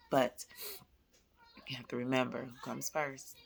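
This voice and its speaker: A woman, chatting with viewers at home in a casual faith-based vlog, animated and calling them y'all. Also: a bass voice, takes it slowly, creaky, slightly rough. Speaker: vlogger, mother. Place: at home, indoors.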